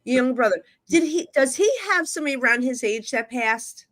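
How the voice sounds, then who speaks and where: A woman appearing as a guest psychic medium on a podcast, chatting casually with quick asides and trailing sentences. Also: high-pitched, fairly bright tone. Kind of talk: casual chat.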